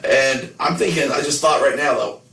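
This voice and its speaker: A man's voice: medium pitch, moderate pace, creaky, a bit bright, roomy sound, far from the mic, low-quality recording. A man co-hosting a podcast, chatting casually and telling joking, rambling stories. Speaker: podcast co-host. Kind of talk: casual chat.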